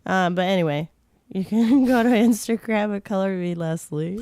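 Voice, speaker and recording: A woman's voice: mid-range voice, moderate pace, dark tone, clear, resonant tone, no room sound, clean studio sound. A woman co-hosting a podcast, chatting casually and laughing easily through jokey banter. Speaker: podcast co-host. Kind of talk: casual chat.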